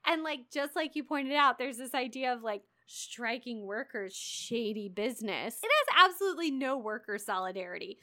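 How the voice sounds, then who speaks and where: Young adult woman, high pitched, animated and profane book-chat co-host. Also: normal speed, few pauses. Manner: animated, profane, laughing recaps. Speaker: podcast co-host. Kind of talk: casual book discussion.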